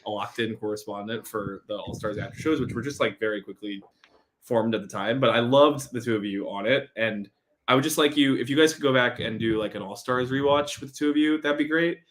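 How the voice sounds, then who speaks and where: A young man and former host, chatting as a guest on a podcast in a relaxed, rambling way. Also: medium pitch, a little fast. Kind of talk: casual chat.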